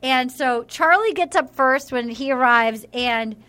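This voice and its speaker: A woman's voice: high-pitched, measured pace, bright, forceful tone, smooth, no echo. A woman hosting a podcast, chatty and gossipy as she recaps. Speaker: podcast host. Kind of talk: casual chat.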